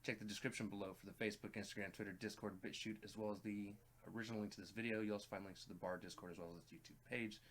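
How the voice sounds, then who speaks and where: A man with a somewhat low voice co-hosts a relaxed reaction chat. He talks earnestly and plainly, turning to the viewers to speak to them directly. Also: rapid-fire, few pauses, a little hiss or hum. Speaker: reaction channel co-host. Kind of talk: casual chat.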